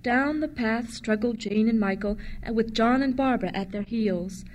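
Lady reading a kids' story out loud, gentle and expressive, kinda high voice. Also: moderate pace, slight background noise.

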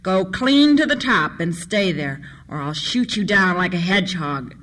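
A woman's voice: lowish voice, lively intonation, measured pace, fairly bright tone. A woman voicing a hard, cruel male bandit leader who gives curt, threatening orders.

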